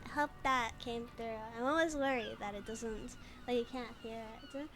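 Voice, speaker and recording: A chatty woman streamer talks through a game in a slightly high, bright voice, reading lines aloud and giggling between them. Faint background noise sits beneath her. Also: normal speed. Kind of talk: casual gameplay commentary.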